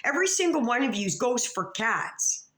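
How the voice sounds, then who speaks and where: A woman vlogger in a rambling, profane rant that calls out other creators. She stammers and restarts, and she swings from low mutters to sharp outbursts. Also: very animated, moderate pace. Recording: echoey room.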